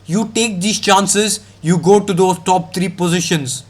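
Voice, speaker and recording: A young man with a slightly high voice rants about football matches. He is heated and mocking, with a lot of slang, and he talks straight at the players. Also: measured pace. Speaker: football reaction streamer. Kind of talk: ranting football reaction.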